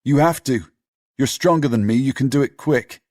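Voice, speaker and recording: A man voicing an upset young boy who loves dogs and ends up shouting in rage and grief. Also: mid-range voice, moderate pace, no room sound, studio quality, voice pushed up, natural voice. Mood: pleading, pushy. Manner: shouts and screams in fury.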